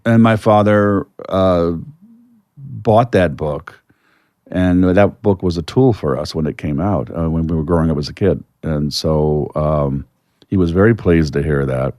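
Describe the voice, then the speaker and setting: Older male guest, deep voice, dry close mic, reflective storyteller who gets animated. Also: unhurried, dry recording. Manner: reflective, animated when telling stories. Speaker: guest, retired baseball player. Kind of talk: storytelling in a podcast interview.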